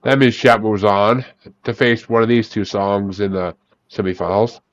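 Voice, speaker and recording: A man hosts a laid-back music podcast over an online call, cursing freely while calling on each guest by name for a casual bracket chat. His voice sits on the low side with a steady tone and moderate pace, and the highs sound cut off.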